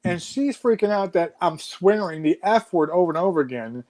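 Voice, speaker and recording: A man in his forties telling a story in casual chat, animated and swearing freely. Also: sits high, a little fast. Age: 40s.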